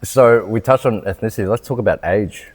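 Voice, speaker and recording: A man's voice: lowish voice, brisk, breathy edge, big-room sound. A man, a car salesman and podcast co-host, trading joking, teasing banter in casual chat. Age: 20s. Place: car showroom.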